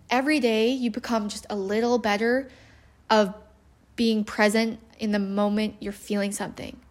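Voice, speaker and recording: Woman podcast host with a slightly high voice, earnest and conversational, speaking solo on parenting. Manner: earnest, conversational, with occasional laughs.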